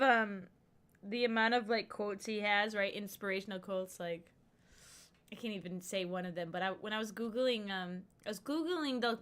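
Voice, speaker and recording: Woman streamer, casual gameplay chatter, laughs a lot, bright voice. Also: medium pitch. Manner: chatty, laughs often, rambling asides.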